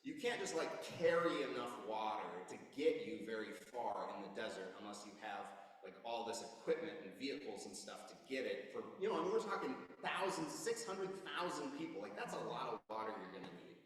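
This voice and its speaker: A man preaching a sermon as a pastor, retelling scripture stories in casual, modern speech with lively storytelling. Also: medium pitch, fairly quick, hardly any pauses. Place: church sanctuary. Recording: roomy echo from far off.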